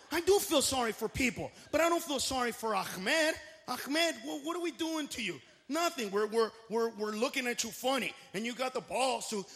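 A male stand-up comedian who talks loud and brash and shouts his punchlines. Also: very high voice, expressive, moderate pace, hardly any pauses, long reverb tail.

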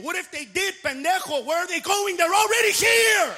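A male stand-up comedian who talks loud and brash and shouts his punchlines. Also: very high-pitched, lively intonation, moderate pace, long reverb tail, a little hiss or hum.

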